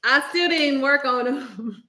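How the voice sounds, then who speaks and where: A woman's voice: sits high, slow pace, sharp tone. A young woman hosting a casual livestream, chatty and exclaiming, often laughing, talking into a laptop microphone. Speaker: livestream host.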